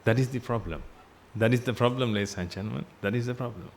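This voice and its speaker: A man's voice: mid-range voice, quick pace, a little hiss or hum. A man giving a Buddhist sermon in a temple hall, teaching through repetition and rhetorical questions and dropping his voice when he addresses his listeners. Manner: drops his voice on "ladies and gentlemen".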